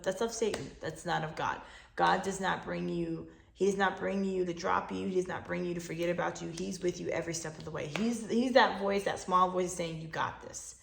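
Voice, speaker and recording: A woman's voice: on the low side, creaky. A woman co-hosting a faith podcast, speaking in an emphatic, encouraging way and repeating herself for reassurance. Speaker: podcast co-host. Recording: echoey room.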